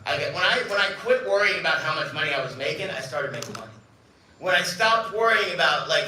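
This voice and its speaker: A man's voice: fairly high pitch, bright, forceful tone, slight background noise. A man in his fifties giving a chatty, self-mocking keynote to a live audience, acting out the dialogue in his stories. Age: 50s. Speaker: keynote speaker. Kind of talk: storytelling speech to a live audience. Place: event hall. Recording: echoey hall from a distance.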